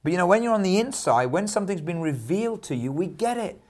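Pastor preaching a sermon. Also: male voice, sits high, sing-song, fast. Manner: warm anecdotal preaching with repeated affirmations.

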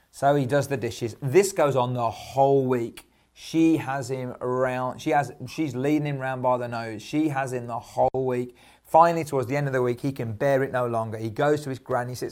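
A man's voice: medium pitch, fairly even intonation, normal speed. A middle-aged man preaches with an ordinary mid-range voice, telling stories and returning to short affirmations. His manner is conversational and earnest. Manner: warm anecdotal preaching with repeated affirmations. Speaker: pastor. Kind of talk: sermon.

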